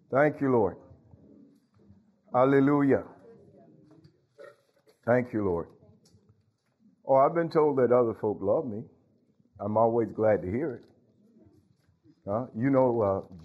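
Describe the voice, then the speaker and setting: Folksy pastor, husky voice. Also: male voice, mid-range voice, phone-quality sound. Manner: folksy, talks to congregation, frequent hallelujahs and laughs. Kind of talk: sermon.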